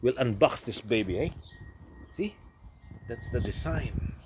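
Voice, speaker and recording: A man casually unboxing a product, reading the label aloud and breaking into excited asides, at home in New Zealand. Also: medium pitch, a little slow, slight background noise. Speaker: unboxing vlogger.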